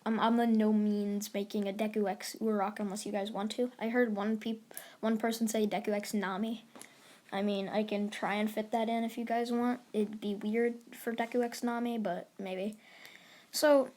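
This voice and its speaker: A woman's voice: medium pitch, little pitch movement, moderate pace, a little mellow. A woman casually improvising a fan story, rambling with lots of filler words.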